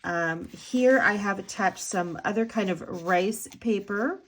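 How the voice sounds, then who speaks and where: A woman's voice: medium pitch, slow pace, fairly bright tone, slight background noise. A woman talking casually and chattily as she flips through a handmade art journal, with a sing-song lilt and many ums. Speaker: art journal maker showing her work. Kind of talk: casual flip-through commentary.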